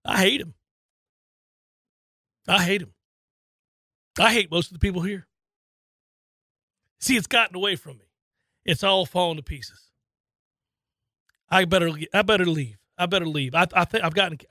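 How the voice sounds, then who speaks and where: A man's voice: high voice, moderate pace, long pauses, no room sound, clean studio sound, full character voice. A man mocking a sheepish, spiteful sports official. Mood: sheepish, bitter. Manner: muttering confession, drops to a hush. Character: sheepish male athletic director secretly hating his league.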